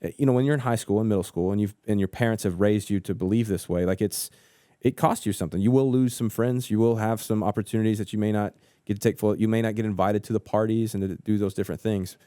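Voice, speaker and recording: A man's voice: lowish voice, quick pace, dark tone, smooth, dry recording, studio quality. A man, co-hosting a casual church podcast discussion and thinking aloud with frequent restarts. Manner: thoughtful, repeats words as he thinks aloud. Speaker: podcast co-host.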